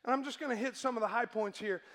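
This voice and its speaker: A man's voice: very high-pitched, quick pace, a bit bright. A male pastor preaching a sermon to his congregation, emphatic and asking them questions.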